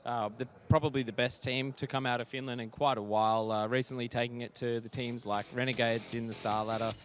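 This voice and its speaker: A young man breaks down a match as co-commentator, his voice mid-pitched and easygoing. He talks in a chatty, analytical way, full of fillers, and ribs his partner between points. Faint music plays under the broadcast. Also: little pitch movement, a little fast. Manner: chatty analytical, heavy fillers, teasing banter. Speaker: esports co-commentator. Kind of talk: casual esports commentary.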